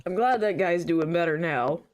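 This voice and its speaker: Against a noisy background, a young woman streamer with a lowish voice chats at a moderate pace while playing a farming game. She laughs a lot, swears casually, and quotes comedy bits in put-on voices.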